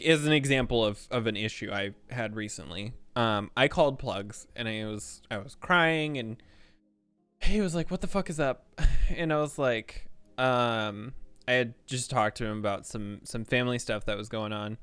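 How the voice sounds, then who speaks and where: Brief: a male streamer with a middle pitch, candid and rambling, lots of restarts. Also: measured pace, fairly bright tone, clean tone, no room sound, soft background music. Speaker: game streamer. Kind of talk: casual chat while streaming.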